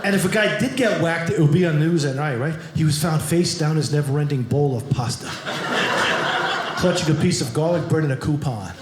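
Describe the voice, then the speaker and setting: A brash, high-pitched male comedian with a New York accent works the crowd, teasing people and firing questions at them. His voice rings through a roomy club, and a lively audience is heard behind him. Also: a little fast. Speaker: stand-up comedian. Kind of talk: stand-up comedy with crowd work. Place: comedy club stage before a live audience. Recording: echoey room with loud audience noise.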